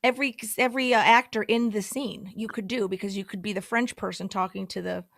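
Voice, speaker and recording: A woman's voice: mid-range voice, steady tone, fairly quick, vocal fry, fairly bright tone, no room sound, clean studio sound. A young adult woman from the United States, a guest in a casual chat who talks enthusiastically and compliments readily. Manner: enthusiastic, complimentary, laughs easily.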